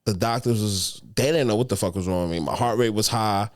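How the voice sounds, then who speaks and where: In a podcast studio, a young adult male comedian tells a story in a relaxed, slangy, foul-mouthed way. His pitch runs fairly low and he speaks a little fast.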